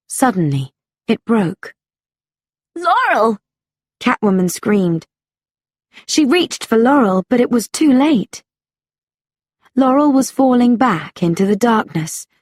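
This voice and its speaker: A woman reads a story aloud for learners at a very slow, measured pace. Her voice is soft and breathy, and the recording is close and dry. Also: mid-range voice, no room sound. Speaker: narrator.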